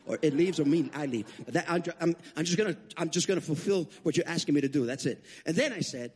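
A man preaching, his voice fairly high and a little husky. He tells stories as a guest preacher and swings up sharply whenever he acts out a quote. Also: quick pace. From Puerto Rico. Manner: animated, acts out quotes with big pitch jumps. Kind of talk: storytelling sermon. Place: church sanctuary.

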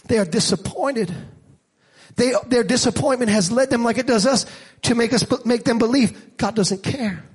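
A man preaching a sermon as a church pastor, moving from quiet reflection to shouted, rising passages. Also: very high voice, normal speed, slightly rough.

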